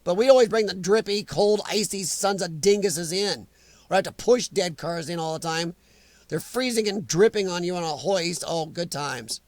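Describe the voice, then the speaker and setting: High-voiced joking man. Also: no room sound. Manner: joking, teasing, talks back to chat comments. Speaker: livestream host reading chat. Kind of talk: casual live chat.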